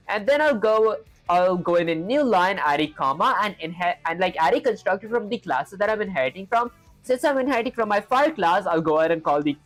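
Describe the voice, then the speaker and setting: A young man with an Indian accent live-streaming his coding, thinking aloud through each step and chatting with viewers. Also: sits high.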